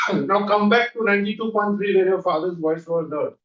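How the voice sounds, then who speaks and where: High-voiced man coaching in an echoey room. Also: a bit bright. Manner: coaching with rapid repeated questions. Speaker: NLP trainer. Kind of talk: guided visualization exercise. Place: training room. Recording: dull echoey room audio from far off.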